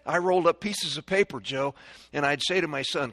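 An older man giving a folksy, sermon-style talk on raising children, animated, acting out stories and drills. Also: on the high side, normal speed, no echo, studio quality. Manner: animated storyteller, shouting drills to kids. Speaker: speaker on parenting.

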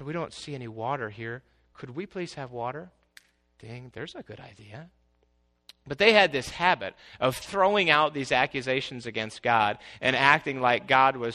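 A man preaching a sermon as pastor, swinging from quiet asides to loud, exclaiming passages. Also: mid-range voice.

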